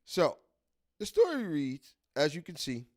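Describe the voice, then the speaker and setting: A man's voice: a little high, wildly swooping pitch, unhurried. A man from New York with a New York accent, hosting a live stream and chatting casually, repeating himself and restarting his sentences. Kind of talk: casual commentary reading a list.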